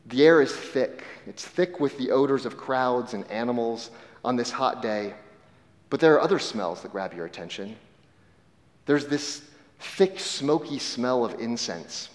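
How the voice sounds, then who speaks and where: A male pastor preaching in a big sanctuary, his voice carrying a long hall reverb. He tells a vivid story straight to the listener, sinking soft and slow at the heavy moments. Mid-pitched, an ordinary man's voice. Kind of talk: sermon told as second-person story.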